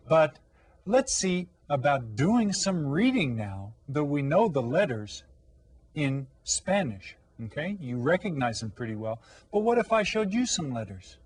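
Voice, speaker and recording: A man teaching an elementary language lesson, patient and encouraging, pausing to ask children questions. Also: mid-range voice, darkish tone, breathy edge.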